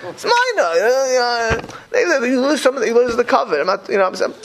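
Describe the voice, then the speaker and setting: A man's voice: very high-pitched, big pitch swings, fairly quick, a bit bright, poor audio. A man talking casually and animatedly, rambling through many fillers and restarts. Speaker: speaker. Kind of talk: casual talk on religious community life.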